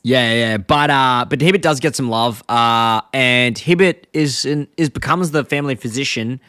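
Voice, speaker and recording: Man, lively podcast chat. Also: medium pitch, clear, resonant tone, no echo, clean studio sound. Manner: rambling, retells scenes with quick voices. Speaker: podcast co-host. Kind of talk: casual chat.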